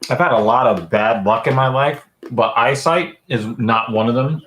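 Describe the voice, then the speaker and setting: A man's voice: medium pitch, normal speed, a bit bright, slight background noise. A man in a casual chat at home, joking and teasing. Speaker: co-host.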